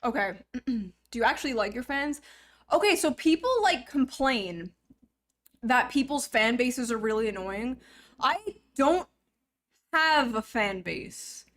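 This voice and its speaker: A woman's voice: fairly high pitch, lively intonation, unhurried, a bit bright. A young woman streamer chatting casually to her viewers, joking, rambling and poking fun at herself. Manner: joking, rambling, self-mocking. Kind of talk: casual live-stream chat.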